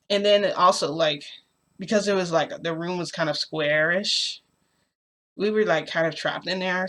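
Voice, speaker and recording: A woman's voice: sits low, a bit bright. Rambling young woman telling a story. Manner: rambling, filler-heavy with lots of "like". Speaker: vlogger. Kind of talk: casual storytelling.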